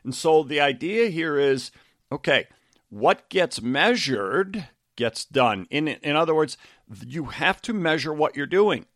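A man's voice: a little high, animated, slow pace, a bit bright, no room sound, clean studio sound. A middle-aged man, a coach and podcast host, talking casually about a book, rambling with lots of fillers and restarts.

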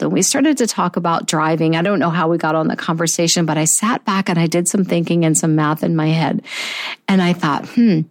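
A woman in her fifties hosting a motivational talk show, earnest and encouraging, slowing down to stress key phrases. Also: on the low side. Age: 50s. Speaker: podcast host.

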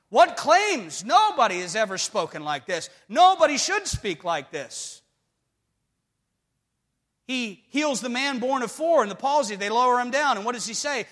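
A man preaching a sermon with emphatic delivery that swings between hushed and loud. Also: extremely high pitch, sing-song, a little slow. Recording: long hall reverb.

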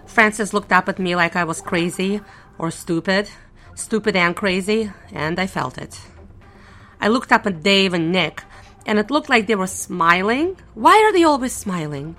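A woman's voice: medium pitch, bright, forceful tone. A young woman narrating a first-person audio drama in a nervous, wry, self-mocking way. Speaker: narrator and lead character.

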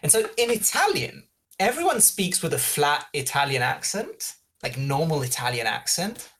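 A man co-hosting a podcast, telling a story in a lively, animated way. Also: on the high side, normal speed. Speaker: podcast co-host. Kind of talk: casual chat.

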